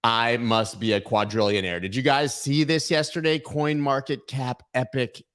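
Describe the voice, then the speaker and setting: A man hosts a live news stream and chats casually with his viewers. He jokes and riffs on silly bits as he talks. His voice sits at a middling pitch, and he talks into a webcam. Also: fairly even intonation, normal speed, fairly bright tone, smooth. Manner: jokey and playful, riffing on silly bits. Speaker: host of a crypto news livestream. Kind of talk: casual livestream chat. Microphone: webcam framing, sitting at camera.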